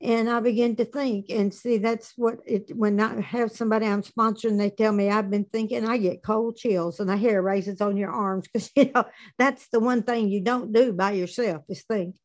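A woman giving a personal testimony at a recovery meeting, telling her story plainly with dark humor. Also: medium pitch, steady tone, normal speed.

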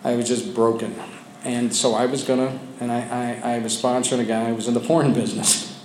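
A man sharing his personal story with a support group, speaking candidly and haltingly with frequent restarts, sometimes dropping low and quiet. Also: level tone, a little hiss or hum. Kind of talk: personal testimony. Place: meeting room with a group of men. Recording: echoey room with faint ambience.

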